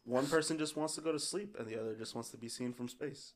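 A man's voice: medium pitch, fast talker. A young man in a casual podcast chat, making short, dry interjections.

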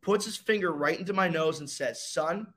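A young man sits as a guest and tells his story the way a natural storyteller does. He builds drama, pauses for effect and pulls his listener along. His voice sits a little on the high side. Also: a bit bright. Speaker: guest, racing driver. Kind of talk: storytelling in a casual interview.

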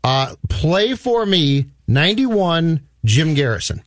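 A man's voice: a little high, big pitch swings, takes it slowly. Rambling man in a movie chat. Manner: rambling, explains with restarts and asides. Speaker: podcast cohost. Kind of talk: casual movie review chat.

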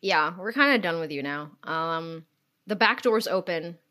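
A woman co-hosting a podcast in a casual comedic chat, with sarcastic, deadpan jokes. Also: on the low side, measured pace. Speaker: podcast co-host.

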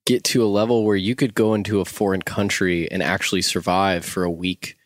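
A man's voice: low voice, level tone, a little fast, no room sound, clean studio sound. A man co-hosting a casual chat in a van, playful and rambling as he talks. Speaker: podcast co-host. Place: inside a parked van.

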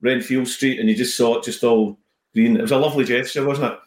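A Scottish man, a comedian and guest, chatting casually and telling animated stories with many restarts. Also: medium pitch, fast. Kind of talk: casual chat. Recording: roomy echo.

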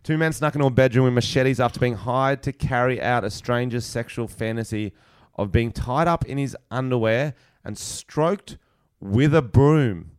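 A man's voice: mid-range voice, moderate pace, hardly any pauses, smooth, no echo, studio quality. A man, co-hosting a podcast, joking crudely and reading out news stories. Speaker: podcast co-host. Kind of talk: casual chat.

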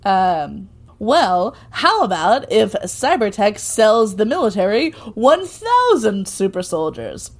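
A woman's voice: medium pitch, huge pitch swings, slow pace. Sarcastic young woman recapping TV. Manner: chatty, sarcastic, laughs often. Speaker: podcast co-host. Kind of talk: casual recap chat.

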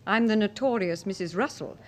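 A woman playing a poised novelist, sardonic, sharp-tongued, radio drama. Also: mid-range voice, a little fast, close to an everyday voice. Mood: wry.

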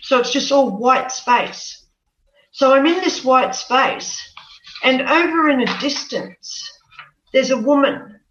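A woman recounts her experience as an interview guest, earnest and repeating words as she searches for them. Her voice is bright and fairly high. She sounds set back from the mic in an echoey room, with a dull, muffled tone. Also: lively intonation, takes it slowly, far from the mic, slight background noise. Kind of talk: personal storytelling interview.

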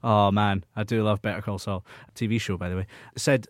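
A man's voice: lowish voice, steady tone, brisk, hardly any pauses, no echo, clean studio sound. A man hosting a casual football podcast, chatty and reading out listener questions. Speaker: podcast host.

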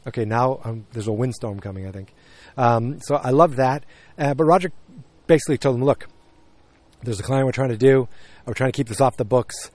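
A man's voice: medium pitch, a little fast, darkish tone, no room sound. A man casually retelling a TV episode, rambling with lots of fillers and quoted lines. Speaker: podcast host recapping a TV episode. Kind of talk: casual chat.

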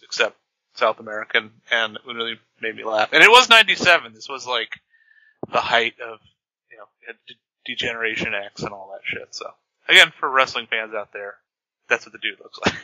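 A man talks through a film with his co-host, dropping sarcastic asides and laughing a lot. His voice is very bright and sits at a middle pitch. The sound is close and dry. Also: a little fast, dry recording, dull audio. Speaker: podcast co-host. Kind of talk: casual movie chat.

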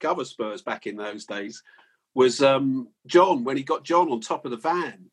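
A man's voice: medium pitch, a little slow, breathy edge. A man, a journalist guest in casual chat, curiously asking questions and recalling old stories.

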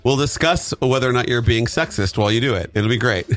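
Guy cohost teasing his friend, laughs lots, bouncy pitch. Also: lively intonation, fast, fairly bright tone. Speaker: podcast co-host. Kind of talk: casual chat.

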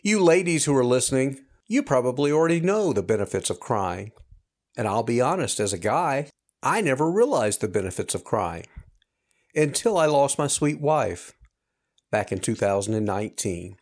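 A man's voice: medium pitch, sing-song, normal speed, darkish tone. A man in his fifties hosting a podcast, talking earnestly and reflectively straight to his listeners in a personal monologue. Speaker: podcast host.

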